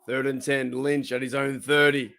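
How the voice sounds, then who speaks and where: Speaking at normal speed with medium pitch and some vocal fry, an Australian man hosts a watch party for fans. He gives laid-back commentary on the game and excitedly cheers or groans at each play.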